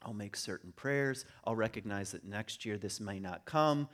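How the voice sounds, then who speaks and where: A middle-aged man giving an informal talk on religion to a group, conversational and rising into animated emphasis. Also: fairly low pitch, moderate pace. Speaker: speaker on religion and home.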